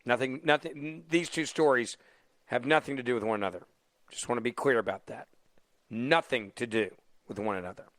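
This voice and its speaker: A man hosting a talk radio show as fill-in, mocking and animated, taking callers. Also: mid-range voice, brisk, dry recording. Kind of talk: opinionated talk radio monologue. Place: radio studio. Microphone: studio microphone.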